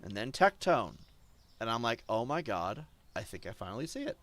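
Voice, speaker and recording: A male streamer ranting defiantly to his chat, swinging between loud outbursts and low muttering. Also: big pitch swings, normal speed, no room sound. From German. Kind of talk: casual stream rant.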